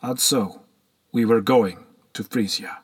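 A man narrating a scripted story in a steady, reflective way. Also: on the low side, slow, slightly rough.

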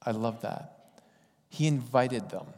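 A man's voice: medium pitch, slow, a little mellow. A man preaching a sermon in a conversational, folksy storytelling way. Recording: long hall reverb.

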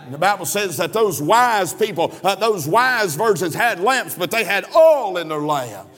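A man preaching a sermon, telling a story and then rising to shouted emphasis in a church. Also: high-pitched, expressive, normal speed. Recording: echoey church hall.

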